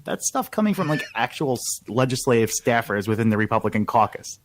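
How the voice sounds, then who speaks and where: A man's voice: medium pitch, animated, a little fast, slight background noise. A man talking casually about state politics as a reporter guest, emphatic and full of fillers. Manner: filler-heavy, emphatic, gossipy.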